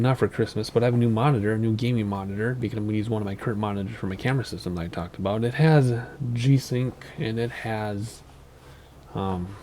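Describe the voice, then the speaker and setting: The same weary flight sim host, short on sleep, rambles through gameplay with plenty of ums and self-corrections. This time his lowish, dark voice carries a slight hiss or hum.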